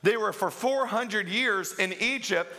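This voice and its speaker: A man's voice: sits high, unhurried, bright, forceful tone. A man preaching a sermon as pastor, telling stories with self-mocking humor, laughing and acting out other people's voices. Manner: acts out quoted voices.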